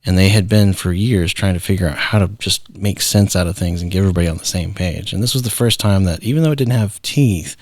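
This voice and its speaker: Guest spot: middle-aged man, very low voice, lively storyteller, dry close mic. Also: fast talker, hardly any pauses, dry recording. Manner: animated storyteller acting out quoted voices. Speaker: guest, founder and artist. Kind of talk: casual storytelling interview.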